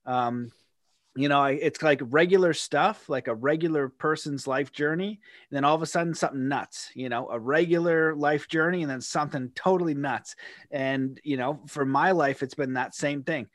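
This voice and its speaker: A man's voice: a little high, normal speed, fairly bright tone, no room sound, studio quality. A man hosting a podcast interview, telling stories in a loose, rambling way and slipping into playful paraphrased quotes. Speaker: podcast host. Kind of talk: casual conversational interview.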